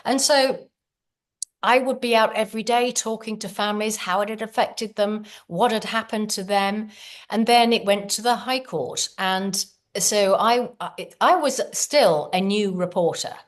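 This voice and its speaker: A middle-aged woman, a podcast guest, telling her story in an earnest, animated way. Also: mid-range voice, a little slow. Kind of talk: casual storytelling.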